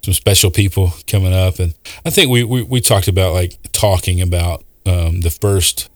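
A man's voice: sits low, steady tone, moderate pace, no echo. A man co-hosting a podcast in casual chat, often chiming in to agree. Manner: warmly agreeing, lots of affirmations. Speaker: podcast co-host.

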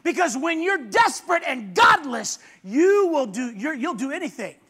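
A man preaching a fiery sermon in church, swinging from low intense murmurs to loud shouts. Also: very animated, moderate pace.

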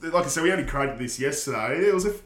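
Laughing Aussie podcast host, bright voice. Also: male voice, on the high side, animated, racing. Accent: Australian. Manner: laughing, swearing, loose banter. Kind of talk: casual chat. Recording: echoey room.

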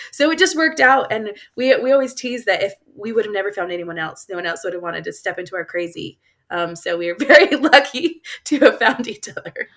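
A woman appearing as a guest author on an interview show shares personal stories earnestly and casually, full of fillers and laughter. Her voice is fairly high-pitched and a bit bright.

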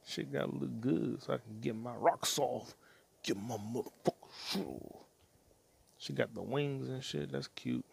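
In an unhurried, mid-range voice that is creaky with a breathy edge, a man rambles through his solo podcast, jumping between topics with crude profanity and muttering to himself.

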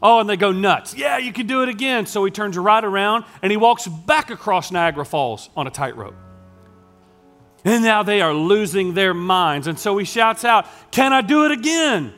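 High-pitched guy preaching, goes quiet then builds up loud, faint music under it. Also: expressive, normal speed. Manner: swings from hushed, intimate lines to loud, building storytelling. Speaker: pastor. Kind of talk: sermon.

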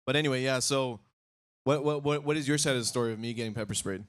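A man co-hosting a casual podcast, his voice at an ordinary middle pitch. He teases his co-host in a laid-back way, laughs often, and swears without a second thought. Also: steady tone, fast talker.

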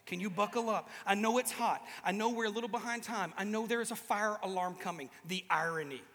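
A preacher with a very high, bright voice delivers a lively, humorous sermon to a live audience at a fairly quick pace, acting out little voices along the way. A long hall reverb from a large room colors the sound.

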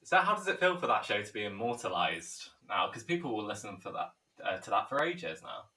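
Male interviewer, lively pitch, distant roomy mic, brief friendly prompts. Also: fairly quick. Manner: brief encouraging reactions, laughs along. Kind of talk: casual interview chat.

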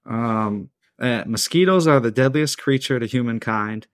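A man's voice: medium pitch, measured pace, no echo. Dry, close-miked man telling a story. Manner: laid-back, reading with asides and chuckles. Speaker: podcast host. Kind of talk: casual storytelling from a script.

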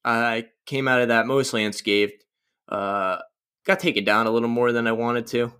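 A man's voice: mid-range voice, fairly even intonation, normal speed, pushed and bright, clear, resonant tone. A young man hosting a casual solo podcast, rambling through stories with crude, self-mocking jokes. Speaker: podcast host.

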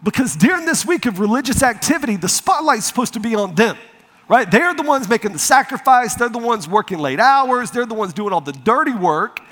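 A man preaching a sermon, telling a personal story with lively acted-out quotes before turning to scripture. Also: very high voice, brisk. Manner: animated storyteller, acts out quotes. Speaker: pastor. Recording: reverberant hall.

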